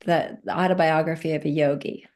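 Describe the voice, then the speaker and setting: A woman's voice: deep voice, a little fast. A woman guest telling a personal story in a casual chat, acting out the voices of the people in it. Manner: animated, acts out quoted voices.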